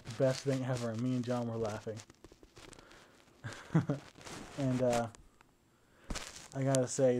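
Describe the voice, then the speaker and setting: Mellow-voiced young man rambling on. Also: mid-range voice, poor audio. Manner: rambling, chatty storytelling. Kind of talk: casual video diary to a partner. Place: at home indoors. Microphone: phone.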